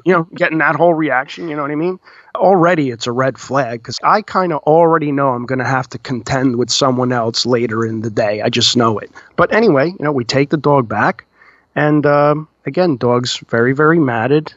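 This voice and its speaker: A man's voice: medium pitch, brisk, a bit bright, no echo. Rambling male groomer telling stories. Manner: rambling, peppered with "you know". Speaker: dog groomer and podcast host. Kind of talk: casual storytelling chat. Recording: dull lo-fi, dry.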